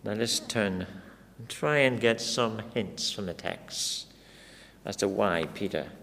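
A man's voice: fairly low pitch, slow, vocal fry, a bit bright, slight background noise. A man preaching an expository sermon, dramatic and full of rhetorical questions put to his listeners. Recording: long reverb of a large hall.

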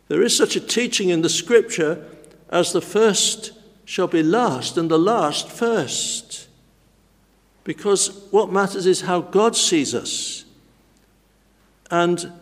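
A man preaching an expository sermon, slow and deliberate, with emphatic stresses on key phrases. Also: high-pitched. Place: church. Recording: church hall with long reverb.

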